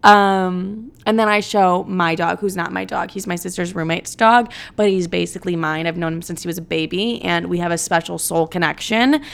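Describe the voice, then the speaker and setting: A young woman talks in a loose, rambling monologue, slipping into quick acted-out bits of dialogue and swearing as she goes. Her voice has a steady gravelly fry running through it. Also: lowish voice. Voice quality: vocal fry. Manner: chatty, rambling, swearing, acts out quotes. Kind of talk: casual storytelling monologue.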